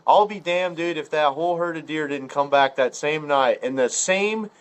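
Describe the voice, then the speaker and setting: Speaking at a normal speed, an Ohio man with a somewhat higher voice is a podcast guest telling a long, meandering hunting story in casual conversation. He's loose and profane, heavy on filler words, and raises his pitch each time he acts out someone's lines.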